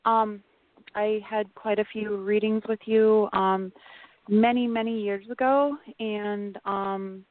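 A woman with a Midwestern American accent rambles hesitantly through a call-in, stopping and restarting often. Her voice sits at a middle pitch. It comes through a dry, tinny phone line. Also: steady tone, slow pace, no echo. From Wisconsin, USA. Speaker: caller. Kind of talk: radio call-in.

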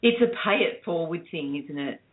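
A woman's voice: low voice, lively intonation, normal speed. Older woman chatting over a tinny phone line. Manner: chatty storytelling, laughs often. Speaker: interview guest, radio producer. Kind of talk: casual interview chat.

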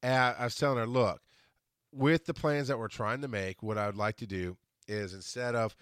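A man's voice: medium pitch, normal speed, clear, resonant tone, no room sound. Rambling man in his forties, dry close sound. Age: 40s. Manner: rambling, restarts and self-corrections, animated when quoting others. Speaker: podcast host. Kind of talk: casual solo monologue.

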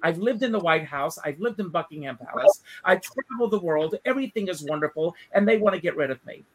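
Higher-voiced male host, relaxed. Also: fast. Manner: relaxed and conversational, tells a joke. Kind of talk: casual interview chat.

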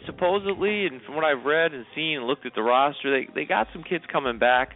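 Speaking a little high and a little fast, a man co-hosting a sports talk show runs through his picks. He's chatty and noncommittal, padding his takes with "you know" and "I mean," and the audio sounds like a phone call-in line.

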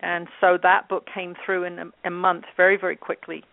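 A woman in her fifties from England, a guest telling her story in a relaxed interview with many fillers. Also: lowish voice, fairly quick, vocal fry, dry recording. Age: 50s. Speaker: guest, channel and author. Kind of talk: casual interview talk. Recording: tinny phone line.

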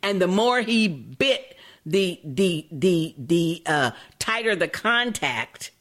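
Woman co-host, very animated delivery, easy chatty banter. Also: fairly low pitch. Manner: chatty, quick to laugh along. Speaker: podcast co-host. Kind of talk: casual chat.

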